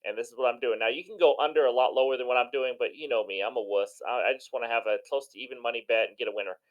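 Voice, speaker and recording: A man hosting a sports betting show, giving enthusiastic and chatty commentary on his picks in a hoarse voice. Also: mid-range voice, racing, dull audio. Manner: enthusiastic, chatty, self-deprecating. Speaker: sports betting channel host.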